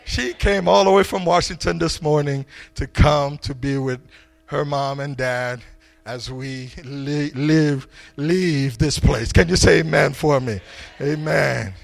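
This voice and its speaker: A middle-aged male pastor preaching a sermon in a church, swinging between booming shouts and soft asides, often stammering and repeating words. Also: slow pace, creaky. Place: church, before a congregation.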